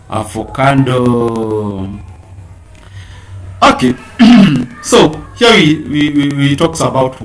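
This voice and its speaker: A male teacher leading a live-streamed language lesson at an unhurried, deliberate pace. He draws out each new word and says it again and again so students can follow. His voice sits at a middling pitch for a man. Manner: slow, repeats words for learners to echo; drawls out target words louder and higher.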